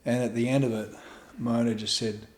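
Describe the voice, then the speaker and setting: This middle-aged man has a medium-pitched voice and a moderate pace. He's a podcast guest in an echoey room at home, giving a candid storytelling interview about a raw personal experience, swearing freely and acting out quotes with animation.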